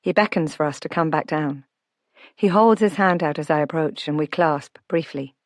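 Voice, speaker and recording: A woman narrating a novel in first person, reading in a calm, reflective way. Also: low-pitched, moderate pace, no echo, studio quality. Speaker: audiobook narrator.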